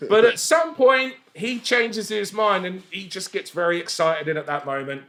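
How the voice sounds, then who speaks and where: High gravelly man in his forties. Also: normal speed. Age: 40s. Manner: animated, swears freely, laughs while telling stories. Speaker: wrestling podcast guest. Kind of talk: casual storytelling chat.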